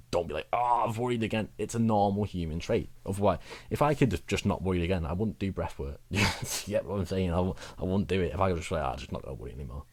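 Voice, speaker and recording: A man's voice: low-pitched, a little mellow. A young man giving rambling, chatty advice in a casual vlog, laughing at himself now and then. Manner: chatty, rambling, self-mocking with frequent laughs. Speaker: wellbeing vlogger.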